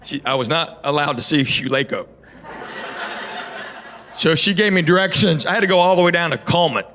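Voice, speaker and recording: A man's voice: fairly high pitch, brisk. A middle-aged man from Tennessee, doing an easygoing stand-up comedy set and bantering with the audience on stage. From Knoxville, Tennessee. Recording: live show with audience noise.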